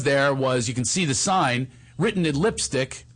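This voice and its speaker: A man's voice: mid-range voice, animated, moderate pace, a bit bright, breathy edge. A man, a comedian, telling a personal story in a conversation, laughing often and acting out what others said. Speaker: comedian guest.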